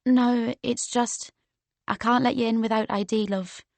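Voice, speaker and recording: A woman's voice: on the high side, fairly even intonation, a little slow, vocal fry, darkish tone, no room sound. A woman voicing a burly, bald male nightclub bouncer with a Geordie accent, blunt but kind, in an audiobook reading. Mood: firm, relenting. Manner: blunt, friendly, calls her love and lass.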